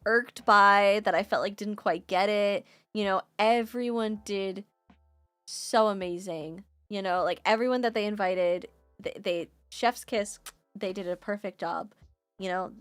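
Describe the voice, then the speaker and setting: A young adult woman streamer in casual chat, animated, often laughing and swearing as she tells a story. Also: mid-range voice, dry recording.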